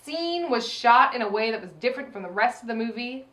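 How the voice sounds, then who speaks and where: A woman's voice: a little high, a little fast. A woman co-hosting a film review podcast, chatting casually, swearing freely and acting out her own reactions. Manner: animated, profane, acts out her reactions. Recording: roomy echo.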